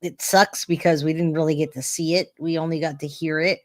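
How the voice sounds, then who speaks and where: A man's voice: on the high side, level tone, a little fast, dry recording. A man hosting a live stream, giving casual true-crime commentary and talking straight to his chat with lots of restarts. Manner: chatty, addresses chat directly, many restarts.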